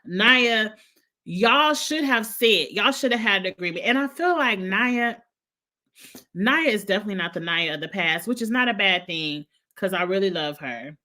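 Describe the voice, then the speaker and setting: A woman's voice: medium pitch, expressive, moderate pace, pushed and bright. A woman hosting a casual live-chat recap show, talking in a blunt, gossipy, opinionated way. She is a bit congested from allergies and coughs now and then. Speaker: host.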